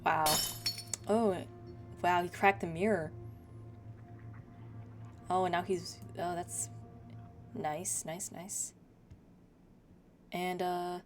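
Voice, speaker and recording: Low-voiced woman streamer reading dramatically. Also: very slow, long pauses. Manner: dramatic reading mixed with excited reactions. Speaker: gaming streamer. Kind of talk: reading game text aloud with commentary. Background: music.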